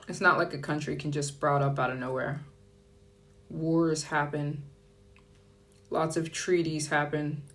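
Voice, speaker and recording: A woman chatting casually on a live stream, upbeat and playful with quick asides. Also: sits low, fairly bright tone. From United States. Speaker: travel vlogger. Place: France.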